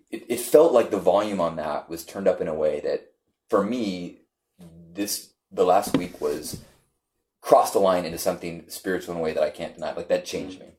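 A man's voice: deep voice, warm tone. A man in casual conversation, telling a story animatedly and often restarting his sentences with lots of fillers.

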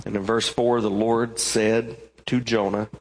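Fervent preacher in a reverberant hall. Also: male voice, lowish voice, level tone. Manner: emphatic, rising to fervent stretches and slowing for weighty points. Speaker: pastor. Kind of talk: sermon. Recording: long reverb of a large hall.

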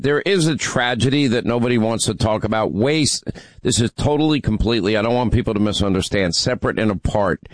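A man's voice: on the low side, dry recording. Emphatic man hosting a talk radio show. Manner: emphatic, teasing, rally-style delivery. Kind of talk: talk radio, taking calls.

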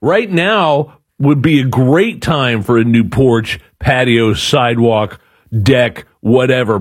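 A man giving a casual, personal endorsement in a radio ad read. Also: mid-range voice. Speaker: radio host reading an ad. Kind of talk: casual live-read advertisement.

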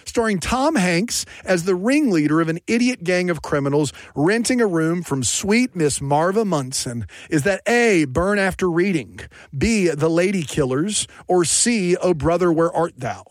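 A man's voice: high voice, animated, no echo. Upbeat man hosting a quiz game. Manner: upbeat, chatty, quick asides. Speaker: quiz host.

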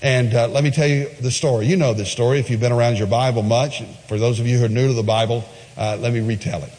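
Animated preaching man in a reverberant hall. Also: mid-range voice, quick pace. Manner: animated preaching, acts out voices in Bible quotes. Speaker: pastor. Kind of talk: sermon.

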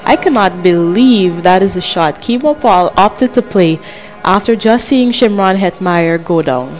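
A woman's voice: on the low side, lively intonation, measured pace, soft background music. A woman co-commentating cricket on radio, incredulous at a shot and analysing the bowling. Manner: incredulous, analytical, laughs along.

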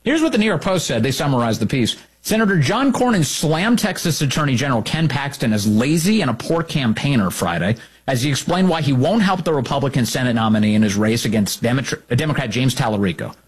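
A man's voice: mid-range voice, sing-song, fairly quick, few pauses, husky. A man hosting opinionated political commentary, sarcastic, indignant and emphatic in his delivery.

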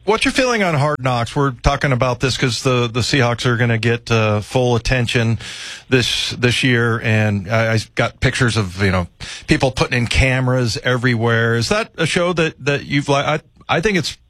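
Relaxed male host, conversational, dry studio sound. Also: medium pitch, moderate pace, no room sound. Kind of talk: sports talk.

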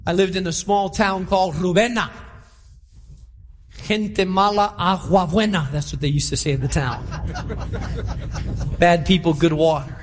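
Male pastor, high voice, live sermon in a reverberant auditorium, emphatic repetition. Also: a little slow, pauses often, slight background noise. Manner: preaching with rising, emphatic repetition to a congregation. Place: large church auditorium.

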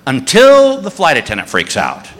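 A man doing stand-up storytelling on stage, animated and acting out the people in his stories. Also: medium pitch, moderate pace, a little hiss or hum. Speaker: stand-up comedian. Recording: live stage recording with long hall reverb.

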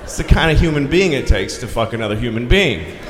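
A man doing crude stand-up comedy, shouting his punchlines with lively swings of voice. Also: mid-range voice, fairly quick, music in the background.

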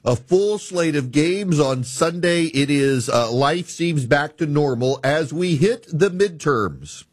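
Male talk host, slightly high, husky, casual commentary, dry close sound. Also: expressive, slow, dry recording. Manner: conversational, restarts phrases.

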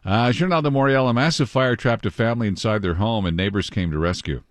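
Male radio host, very low voice, dry close-miked studio sound, chatty and rambling. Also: fast talker, no echo. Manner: chatty, rambling, reads weather and news aloud. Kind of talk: casual morning radio chat.

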